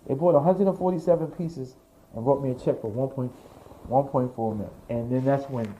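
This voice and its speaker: A man being interviewed as a fashion designer, telling his story in a lively, profane way and acting out the voices of the people he quotes. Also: medium pitch, fairly quick, highs cut off, a little hiss or hum.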